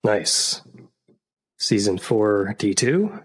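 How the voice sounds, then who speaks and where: A man's voice: fairly low pitch, expressive, very slow, husky. A man co-hosting a podcast, chatting casually in a rambling way, with many fillers and frequent laughs. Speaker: podcast co-host. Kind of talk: casual chat.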